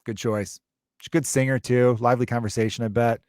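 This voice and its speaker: Guy hosting a chill podcast, storytelling, swears a bit, mid pitch. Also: fairly even intonation, fairly quick, a little mellow, clean tone, dry recording, studio quality. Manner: chatty storyteller, swears casually. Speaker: podcast host. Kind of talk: casual chat.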